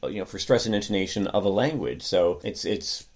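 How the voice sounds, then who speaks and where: A man's voice: lowish voice, a little fast. A man with an American accent, co-hosting a casual podcast chat and explaining things with frequent restarts and fillers. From United States. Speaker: podcast co-host.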